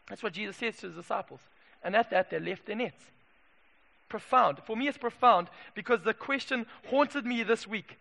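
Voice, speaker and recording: A man from Zimbabwe preaching a passionate sermon in a church, moving from hushed asides to loud calls. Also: high-pitched, brisk, creaky. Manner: passionate, swings from hushed to shouting. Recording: echoey hall reverb.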